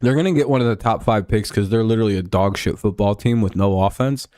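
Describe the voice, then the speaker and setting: Man, streamer, casual rambling chat, profane, fillers, deepish voice, dry mic. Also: fast talker, darkish tone, no room sound.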